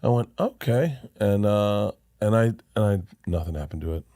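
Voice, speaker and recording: A man's voice: lowish voice, animated, normal speed, dark tone, no room sound, clean studio sound. A middle-aged man telling a long, rambling, self-deprecating story on a podcast as a comedian guest.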